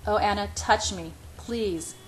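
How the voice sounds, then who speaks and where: A woman's voice: mid-range voice, takes it slowly, slight background noise, lightly acted. Christian, a woman murmuring as a pleading lover. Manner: hushed, murmured. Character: ardent young man pleading with his lover.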